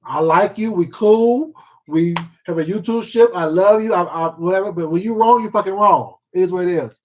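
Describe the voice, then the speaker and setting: High-voiced, blunt, profane man ranting. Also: normal speed, darkish tone. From Washington State. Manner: blunt, profane and emphatic, repeats himself, greets viewers by name. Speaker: mukbang YouTuber. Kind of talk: casual live-stream rant while eating.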